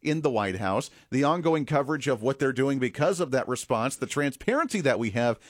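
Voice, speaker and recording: A man's voice: mid-range voice, lively intonation, a little fast, dry recording, clean studio sound. A man hosting a political commentary show, talking with sarcastic asides and the odd chuckle. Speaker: host.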